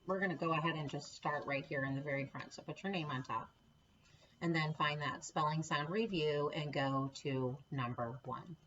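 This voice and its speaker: A woman's voice: low-pitched, moderate pace, fairly bright tone, lo-fi sound, slight background noise. A woman teaching a recorded phonics lesson to children, patient and encouraging, spelling out letter sounds one by one. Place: home classroom setup with a board.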